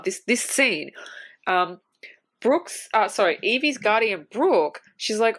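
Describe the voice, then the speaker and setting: A woman's voice: mid-range voice, normal speed. Chatty woman recapping a film. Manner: animated, acts out scenes in quoted voices, swears freely. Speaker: podcast co-host. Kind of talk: casual film review chat.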